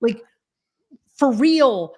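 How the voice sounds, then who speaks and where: A woman in her forties speaking in a casual interview, animated and emphatic, with many fillers and restarts. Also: a little high, very slow. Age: 40s. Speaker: podcast guest, author.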